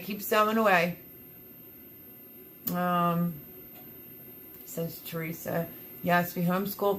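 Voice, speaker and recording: A woman's voice: fairly low pitch, fairly bright tone, slight background noise. A woman hosting a casual livestream, chatting in an upbeat, rambling way and reading out viewer comments. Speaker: livestream host.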